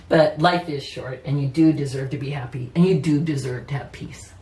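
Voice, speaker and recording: With an extremely low, darkish voice, a woman reads tarot at a moderate pace broken by long pauses. Her style is chatty and personal, full of easy laughs and "you know." The audio has slight background noise, roomy echo, faint ambience and a far-off mic.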